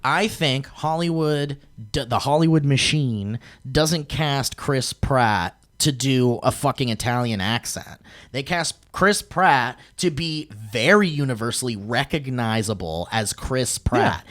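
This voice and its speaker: Animated, swearing podcast host man. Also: mid-range voice. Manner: animated, swears freely, rapid bursts. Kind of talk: casual chat.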